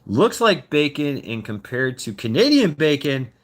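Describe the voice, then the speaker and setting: A man's voice: on the high side, big pitch swings, a little slow. A man of fifty rambling through a casual livestream chat, cursing freely and stumbling over repeated words. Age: 50s. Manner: rambling, profane, repeats words and restarts often. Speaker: livestream host reading chat.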